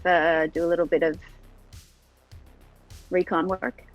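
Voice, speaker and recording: A woman playing a tabletop game, talking casually in halting bursts. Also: lowish voice, flat delivery, highs cut off, soft background music. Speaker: player.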